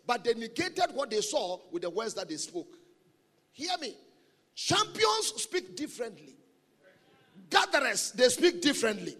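A man with an extremely high-pitched voice preaches a sermon as a guest speaker at a church gathering, recorded with the long reverb of a large hall. Animated and funny, he repeats his key phrases for emphasis.

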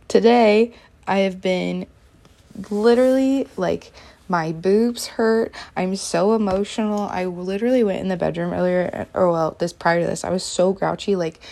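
A woman's voice: medium pitch, gravelly, darkish tone. A young woman talking candidly in a casual diary-style vlog, chatty, with lots of fillers and giggles. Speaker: vlogger.

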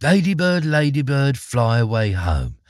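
A man voicing Thumbelina, a tiny, gentle young girl in a read-aloud storybook, speaking in a soft, tender way. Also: medium pitch, unhurried, no echo, clean studio sound, lightly acted. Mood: singing.

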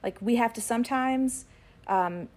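A middle-aged woman co-hosting a podcast, chatting and telling lively family stories about her kids in an animated way. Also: fairly high pitch, measured pace. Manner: animated, acts out her kids' voices when retelling. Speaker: podcast co-host and ministry worker. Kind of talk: casual chat with storytelling.

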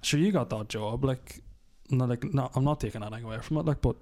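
A man's voice: medium pitch, fast talker, mellow. A young man, co-hosting a podcast and talking hesitantly, ending phrases with "like". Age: young adult. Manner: hesitant, trailing "like". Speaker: podcast co-host. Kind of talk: casual chat.

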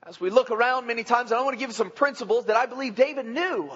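Preaching in a folksy, joking way, a man with a strikingly high, slightly bright and rough voice talks quickly and chats with his congregation. The lo-fi recording sounds dull and carries the long reverb of a big church hall.

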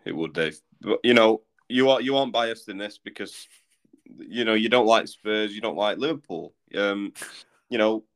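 A man co-hosts a football podcast, swapping match stories in a casual, teasing, laid-back way. His voice sits on the low side and his pace is moderate.

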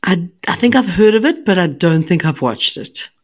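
A woman co-hosting a podcast in casual chat, teasing and quick to react. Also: lowish voice, lively intonation. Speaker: podcast co-host.

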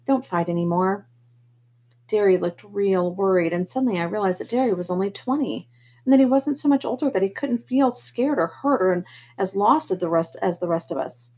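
A woman reads a first-person novel aloud at home. Her voice is breathy and mid-pitched, her reading steady and unadorned. Small slips show it is an amateur reading. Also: a little fast. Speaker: audiobook reader.

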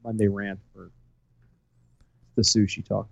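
A man's voice: fairly low pitch, level tone, measured pace, creaky, slightly rough, no echo. A man co-hosting a casual political talk show who rambles, hunts for words and goes on rants. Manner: rambling, searches for words, ranting. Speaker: co-host. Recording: dull, lo-fi dry sound.

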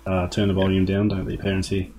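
A man co-hosting a podcast who chats about games, repeating phrases and asking quick follow-up questions. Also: low-pitched, completely flat delivery, warm tone, soft background music. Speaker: podcast co-host. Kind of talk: casual gaming chat.

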